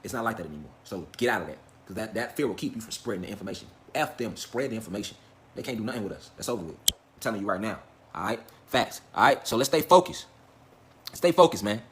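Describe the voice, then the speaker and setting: A man's voice: on the low side, lively intonation, fast, a little hiss or hum. A man giving a casual livestream lecture, talking straight to his viewers. He swears often, asks them questions, and keeps stressing his points with "facts" and "all right?". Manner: profane, emphatic, repeats "facts" and "all right". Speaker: online lecture host.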